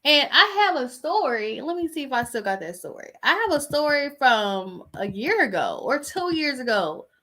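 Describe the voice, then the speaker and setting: A woman's voice: high-pitched, sing-song, normal speed, hardly any pauses, a bit bright. A woman hosting a casual gossip talk show, chatty and rambling as she searches for things while talking. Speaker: podcast host.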